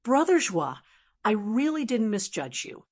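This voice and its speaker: A woman's voice: a little high, very animated, a little slow. A woman voicing a scheming young male cultivator who coaxes and bargains. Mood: eager.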